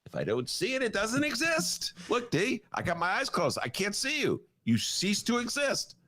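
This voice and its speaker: A man doing a breezy, high-voiced politician impression. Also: huge pitch swings, sharp tone, exaggerated voice. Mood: dismissive. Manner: high-pitched, drawn-out mock voice. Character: a breezy middle-aged male governor, dodging trouble.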